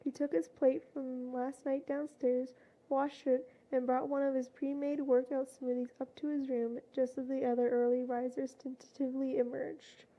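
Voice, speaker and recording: Woman, fanfiction reader, high voice, dark mellow tone, muffled lo-fi recording. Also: little pitch movement, moderate pace. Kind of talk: reading a fanfiction story aloud.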